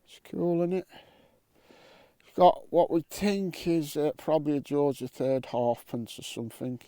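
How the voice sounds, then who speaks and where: Joking detectorist outdoors. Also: male voice, a little high, measured pace, warm tone, smooth, no echo. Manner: jokey, banters, swears. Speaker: metal detecting vlogger. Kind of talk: casual vlog commentary. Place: outdoors on a windy island. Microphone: camera mic with wind muff.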